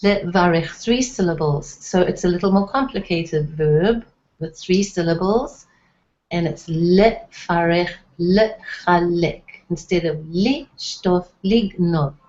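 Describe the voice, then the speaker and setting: A woman teaching a language lesson in a patient, step-by-step way, with frequent pauses and fillers. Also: lowish voice, darkish tone, muffled recording. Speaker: Hebrew teacher. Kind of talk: slow, careful language lesson.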